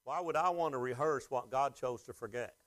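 A man's voice: medium pitch, a little fast, soft background music. A man pastor preaching a sermon, telling stories with animation and speaking directly to his congregation.

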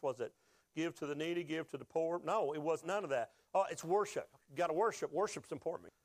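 A man's voice: a little high, no echo. A man preaching a sermon, emotional at times and drawing the congregation into call-and-response. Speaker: pastor.

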